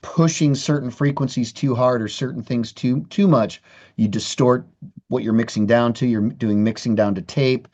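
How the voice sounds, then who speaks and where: A man's voice: medium pitch, steady tone, moderate pace, a little mellow, dull audio. A man, a guitarist guest in a casual interview, talking candidly with frequent restarts and swearing. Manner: candid, profane, many restarts.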